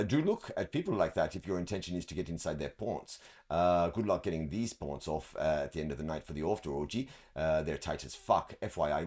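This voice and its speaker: Guy swearing nonstop, sarcastic mock advice, roasting pics on his show. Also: low-pitched. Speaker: show host roasting event photos. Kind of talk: crude comedic commentary.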